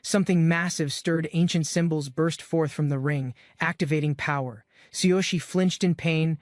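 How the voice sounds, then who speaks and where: A man's voice: on the high side, steady tone, moderate pace, few pauses, dry recording, studio quality. A man giving scripted, dramatic narration of a comic-book recap.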